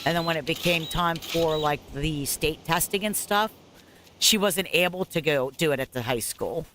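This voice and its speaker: A woman in her forties, a parent, tells a long personal story over gameplay, rambling and candid, full of fillers, asides and "blah, blah, blah." Her deep voice is a bit bright, at a moderate pace, with faint music behind.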